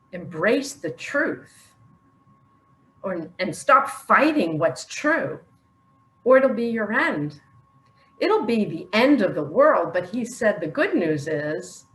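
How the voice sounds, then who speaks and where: Older woman, emotional personal monologue, slow unhurried delivery, echoey room. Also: medium pitch, a bit bright. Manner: emotional, earnest, laughs often. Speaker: online religious speaker.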